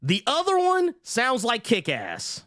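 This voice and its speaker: Animated man in a lively podcast rant. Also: extremely high pitch, slow pace, dry recording, clean studio sound. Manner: animated, repeats himself, does mocking voices. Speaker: podcast co-host. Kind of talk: casual comedic chat.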